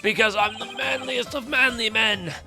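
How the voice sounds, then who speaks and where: A man voicing a brash young fitness fanatic who shouts and boasts about being the manliest of men, over game music. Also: very high voice, moderate pace, voice pushed up, heavily acted. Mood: boisterous.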